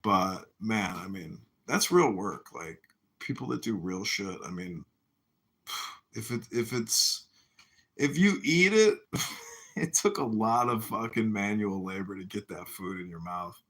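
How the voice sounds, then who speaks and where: A man's voice: on the low side, animated, takes it slowly, fairly bright tone. A man in casual podcast chat, ranting crudely and laughing through his own jokes.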